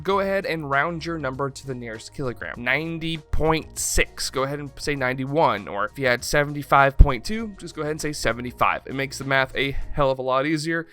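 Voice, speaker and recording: A man with a slight Southern twang explains physics in a bright, forceful, slightly high voice. He is irreverent and swears freely, keeping it casual and comic. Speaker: science video host. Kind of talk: casual comedic science explainer.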